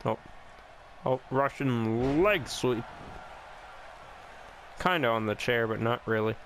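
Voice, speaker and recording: A man giving casual commentary over a wrestling video game, excitable and full of gasps, with joking, sarcastic asides. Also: mid-range voice, takes it slowly, a little hiss or hum, rough recording. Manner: excitable, reacting with gasps and swearing. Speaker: gameplay commentator. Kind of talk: casual let's-play commentary.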